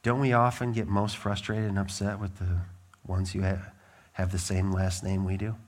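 Emphatic male pastor preaching. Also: moderate pace. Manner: emphatic, lively pitch swings, blunt asides. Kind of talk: sermon.

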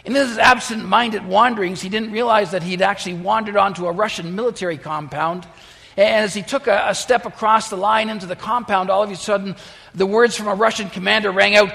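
A pastor preaching a sermon and telling a story, with frequent fillers and restarts, in a church sanctuary. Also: male voice, sits high, a little fast, vocal fry, sharp tone. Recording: long church reverb.

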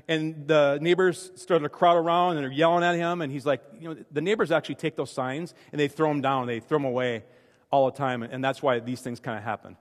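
Chatty preacher man in echoing hall. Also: a little high. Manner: chatty, self-deprecating, frequent restarts. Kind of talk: conversational sermon with personal stories.

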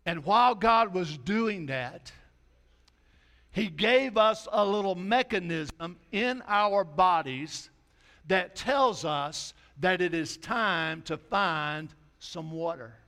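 A male pastor delivers a homespun sermon. His voice sits a little high for a man, and he sinks to a hushed tone whenever he quotes scripture or other people. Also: animated, slow pace. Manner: folksy preaching, drops to soft quoted asides.

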